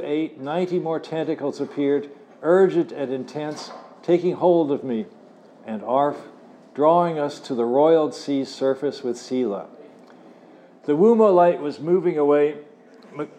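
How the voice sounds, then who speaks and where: A man reading his own adventure novel to a live audience in a cafe, expressive and wry, adding asides. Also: a little high. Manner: wry, expressive storyteller who adds asides.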